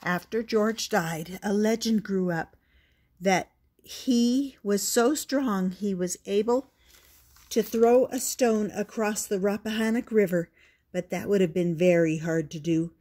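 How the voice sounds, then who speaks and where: An older woman reading a children's picture book aloud, gentle and deliberate, with little asides to the listener. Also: mid-range voice. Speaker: storyteller.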